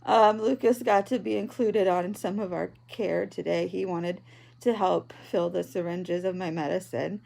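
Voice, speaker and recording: A woman in her thirties records a personal video diary at home in bed. Her voice is gravelly with vocal fry, and she speaks slowly, haltingly and tearfully, with frequent ums and pauses. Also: on the low side, fairly even intonation, a little mellow. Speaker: vlogger, patient.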